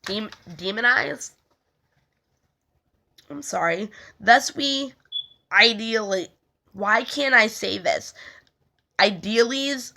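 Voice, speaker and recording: A woman's voice: a little high, slow pace, gravelly, pauses often, pushed and bright, slight background noise. A young woman reading a spiritual text aloud and talking casually about it, rambling with many fillers and stumbling over words. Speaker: spiritual healing video host.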